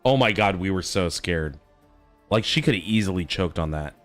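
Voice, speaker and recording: A father streams a game and tells stories about his toddler, chatting casually and swearing as he animates each tale. His voice sits low and moves at a moderate pace, with faint music in the background.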